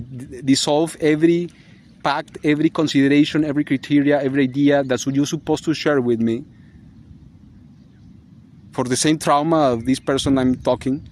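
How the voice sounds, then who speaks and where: A man with a fairly high voice rants in a vlog monologue. He is rambling and agitated, and he swears freely and laughs bitterly between points. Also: a little mellow, slight background noise. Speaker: vlogger.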